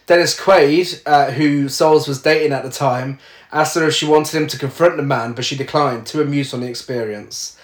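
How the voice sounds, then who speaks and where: A man's voice: medium pitch, fairly even intonation, normal speed, reverberant. A man co-hosting a casual chat, reading film trivia aloud with frequent "uh"s and laughs. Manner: reads facts aloud with frequent uhs and laughs.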